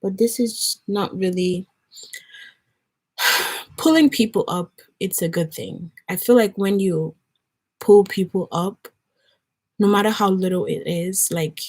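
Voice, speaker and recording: A woman's voice: mid-range voice, slow, pauses often, husky. A young woman from Nigeria, chatting earnestly to the camera as she gets ready and tells a story. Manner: earnest, storytelling, lots of likes and restarts. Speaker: vlogger. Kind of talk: casual chat while getting ready.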